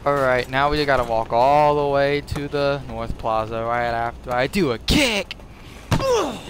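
A man's voice: medium pitch, normal speed, a little hiss or hum. A young man giving casual, profane, joking commentary to his viewers while he plays a video game. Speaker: gaming video host. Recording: game music loud behind the voice. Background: game music.

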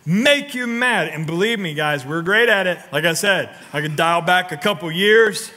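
Male pastor, sermon, forceful bright tone, fairly high voice, animated storytelling, long hall reverb. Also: moderate pace. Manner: animated storytelling, swinging between loud punchy lines and low quiet ones; talks directly to the congregation, prodding them for responses. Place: church sanctuary.

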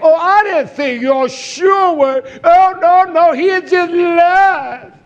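A man doing a mocking voice of a naive churchgoer, high, slow and sing-song. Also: lo-fi sound.

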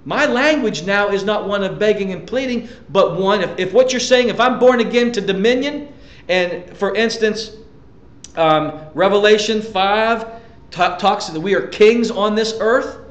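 High-voiced man preaching emphatically. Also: measured pace, echoey room, dull audio. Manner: emphatic preaching with rhetorical questions. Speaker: pastor. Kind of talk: sermon.

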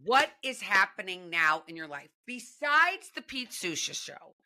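A woman's voice: medium pitch, big pitch swings, unhurried, bright, forceful tone. A woman hosting a podcast in casual conversation, gushing and enthusiastic. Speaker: podcast host.

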